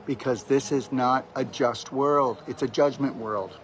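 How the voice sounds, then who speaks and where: A man of middling pitch delivers a loose, preachy health pep talk. He speaks emphatically and keeps turning to address the listener head-on. A faint hum of ambience sits under his voice. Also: normal speed. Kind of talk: rambling motivational monologue.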